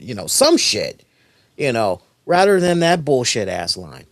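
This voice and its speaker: Animated profane male storyteller. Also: mid-range voice, unhurried, vocal fry, no room sound. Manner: animated, profane, acts out voices. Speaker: podcast co-host. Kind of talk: casual storytelling.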